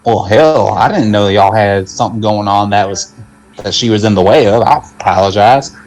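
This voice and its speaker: A man's voice: on the low side, normal speed, darkish tone, low-quality recording. A young man playing a tabletop game, who drawls and jokes in his turns. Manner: drawling, joking. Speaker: player. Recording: faint background noise.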